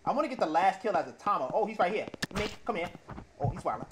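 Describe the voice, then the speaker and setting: A gaming video creator giving excited, slang-heavy, trash-talking commentary over gameplay. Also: medium pitch, fast talker, over music.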